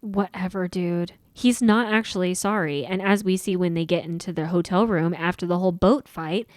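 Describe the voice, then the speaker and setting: A woman's voice: lowish voice, steady tone, moderate pace, a little mellow, dry recording, studio quality. A woman co-hosting a podcast, agreeing often and adding sarcastic, profane remarks in casual chat. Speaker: podcast co-host.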